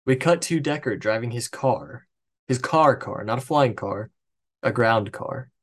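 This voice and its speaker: A man with a mid-range voice casually recapping a movie plot on a podcast, reading from his notes. He talks over a headset, loose and chatty, throwing in swears and quick jokes to his co-host. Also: mid-range voice, lively intonation, fairly bright tone, breathy edge.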